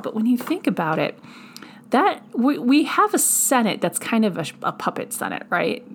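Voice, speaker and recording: A woman hosting a history podcast, animated and quick to laugh, reading old quotes aloud with sassy asides. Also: on the high side. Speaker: podcast host. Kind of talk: casual history podcast commentary.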